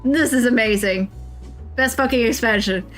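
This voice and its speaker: Female game streamer, excitable, swears freely, laughs often, pitched a bit high, faint background music. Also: normal speed. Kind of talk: casual game stream commentary and reading game text aloud.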